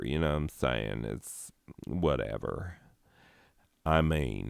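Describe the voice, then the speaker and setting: Man, very low voice, smooth and resonant, dry close sound, mock-formal reading breaking into profane rants, middle-aged. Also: expressive, slow pace, long pauses, no room sound. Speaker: comedian reading a mock book. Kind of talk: profane comedic monologue.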